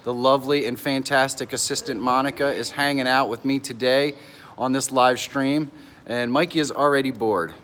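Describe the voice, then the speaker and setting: An excitable middle-aged man hosting a live stream from an outdoor pavilion, greeting viewers by name and laughing often, a bit nervous. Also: medium pitch, normal speed. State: nervous and stressed.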